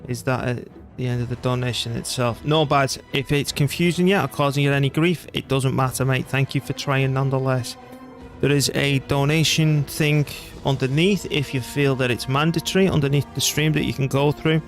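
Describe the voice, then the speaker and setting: A man's voice: medium pitch, steady tone, normal speed, faint music behind. A man from North West England with a northern English accent, giving chatty, slangy, swear-prone commentary while streaming a strategy game. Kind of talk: casual gameplay commentary.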